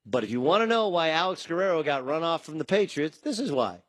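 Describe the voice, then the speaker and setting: A man hosting a sports talk show, riffing in an animated way and acting out quotes in shifting voices. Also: fairly high pitch, fairly quick, no room sound. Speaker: sports talk radio host.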